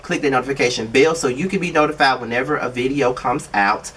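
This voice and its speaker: A man's voice: mid-range voice, fast, a bit bright, far from the mic, slight background noise. Exasperated, profane man reviewing reality TV. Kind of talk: casual video commentary.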